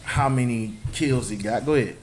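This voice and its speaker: A man's voice: medium pitch, moderate pace. A man leading a scripture study, preaching emphatically and often asking his listeners if they understand. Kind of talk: preaching to a group. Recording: roomy, noisy recording.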